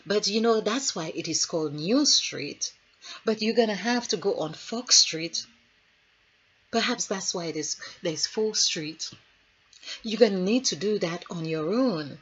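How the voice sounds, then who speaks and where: A woman's voice: mid-range voice, animated, measured pace, a bit bright, slightly rough. A woman who works as a healer, giving a spiritual numerology talk in a rambling, musing way with storytelling asides. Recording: dull lo-fi recording.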